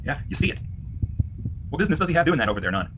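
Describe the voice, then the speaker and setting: A worked-up man ranting in a profane vlog, swinging between loud outbursts and low muttering. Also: big pitch swings, very fast, very noisy. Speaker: vlogger.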